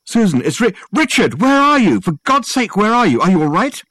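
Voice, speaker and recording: A man's voice: mid-range voice, sing-song, fast talker, husky, no echo, studio quality, pitched above the performer's own voice. A male audiobook narrator voicing a panicked young man who pleads in a raised, strained voice. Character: frantic young man under suspicion.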